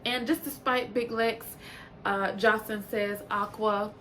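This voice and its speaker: A woman's voice: a little high, measured pace, a little hiss or hum. A woman giving a casual recap of a reality show in a blunt, profane, sassy way. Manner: animated, jumps into quoted voices. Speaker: reality TV reviewer.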